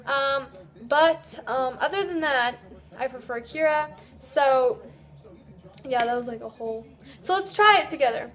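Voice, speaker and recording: A woman giving a casual video lesson on Japanese, chatty and loose, slowly sounding out words syllable by syllable. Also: high-pitched, a bit bright. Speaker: Japanese language teacher.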